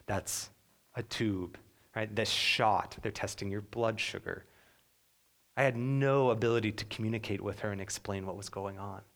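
A young adult man preaching a sermon as pastor, earnest, sometimes dropping to a soft hush. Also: on the low side, gravelly.

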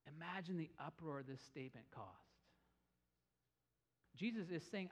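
In a muffled recording, a man with a mid-range voice delivers a sermon at normal speed. This pastor teaches scripture through animated storytelling, raising his voice to emphasize.

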